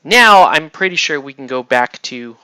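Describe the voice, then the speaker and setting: A man's voice: on the high side, lively intonation, normal speed, bright, forceful tone, clean tone, dry recording. A man hosting a casual painting tutorial, chatty and rambling as he works, often checking in with "right?". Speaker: miniature painting host. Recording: dull lo-fi dry sound.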